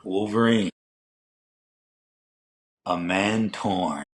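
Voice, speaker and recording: Young guy chatting on a podcast, says like a lot, swears, kinda low voice. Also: drawn-out words. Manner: rambling, heavy on "like", swears casually. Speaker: podcast co-host. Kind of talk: casual chat.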